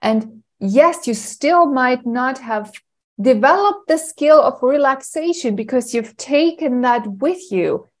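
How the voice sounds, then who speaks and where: Woman podcast coach, animated and playful, higher pitch. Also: slow pace, rough recording. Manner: animated, playful, acts out little scenes. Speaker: anxiety coach co-host. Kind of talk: casual podcast chat.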